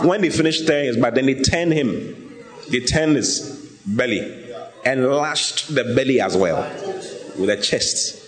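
In an echoey room, a man with a medium-pitched voice preaches a sermon. He tells the story with animated vividness and often puts questions to his listeners.

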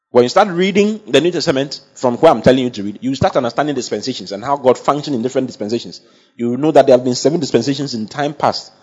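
Preaching a sermon, this man speaks with a medium-pitched, slightly mellow, husky voice. He's emphatic and keeps asking the congregation whether they agree. The recording sounds dull and lo-fi.

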